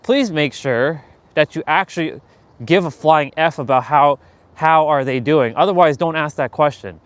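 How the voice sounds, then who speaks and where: Blunt, swearing man with a slightly high voice. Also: normal speed, no echo. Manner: blunt and profane, acting out quoted small talk. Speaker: host of a daily motivational live stream. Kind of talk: casual motivational monologue.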